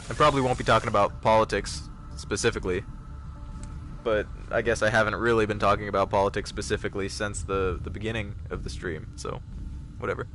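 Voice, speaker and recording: A man's voice: on the low side, level tone, quick pace, a bit bright, soft background music. A man chatting casually with viewers while streaming a game, self-mocking and reading chat aloud. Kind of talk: casual live-stream commentary while gaming.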